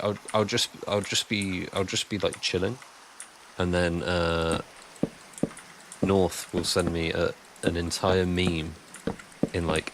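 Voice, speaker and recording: A man's voice: low-pitched, noisy background. A man chatting casually and rambling on a live stream while he builds, answering chat as he goes.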